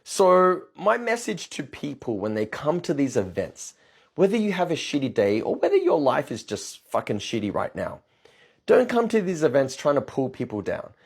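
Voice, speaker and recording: A man's voice: on the high side, wildly swooping pitch, normal speed, slightly rough. A man who works as a dating coach, telling a blunt, profane story in a storytime rant.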